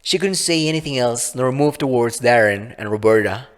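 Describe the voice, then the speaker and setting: A man reading his own short story aloud in a measured, low-key narration, with a long reverb on the recording. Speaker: author and reader.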